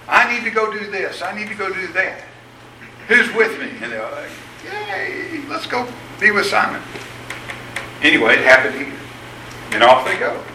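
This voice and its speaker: A man gives a sermon with a very bright, forceful voice, telling the story conversationally and acting out the quotes. He stands back from the mic in an echoey room with a faint hum of ambience. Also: a little high, distant mic. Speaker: preacher.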